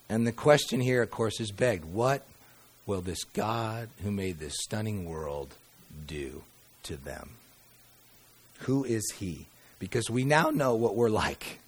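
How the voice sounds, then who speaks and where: Male pastor, lower voice, sermon delivery: dramatic readings, dry humor, hushed emphasis. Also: slightly rough. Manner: dramatic reading of scripture with sudden quiet drops; conversational asides and wry humor.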